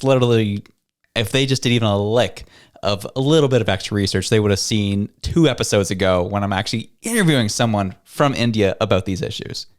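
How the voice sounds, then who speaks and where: Canadian podcast host guy, swingy animated voice, laughs a lot reacting to clips. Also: mid-range voice. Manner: animated, laughs often, incredulous. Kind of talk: reactive commentary chat.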